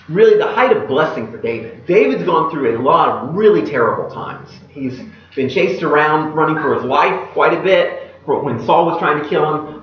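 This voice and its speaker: A man preaching a sermon in an animated way, voicing the prayers he reads aloud. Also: fairly high pitch, slight background noise. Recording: echoey hall, dull lo-fi sound.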